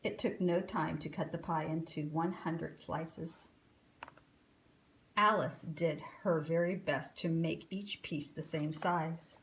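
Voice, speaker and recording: A woman reading a children's storybook aloud, expressive and unhurried. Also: sits low, a little hiss or hum, rough recording.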